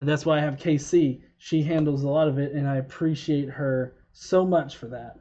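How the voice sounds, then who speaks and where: A man's voice: fairly high pitch, fairly even intonation, normal speed, mellow, dull audio. Rambling, profane male livestream host. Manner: rambling, profane, frequent fillers and restarts. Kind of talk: casual livestream chat.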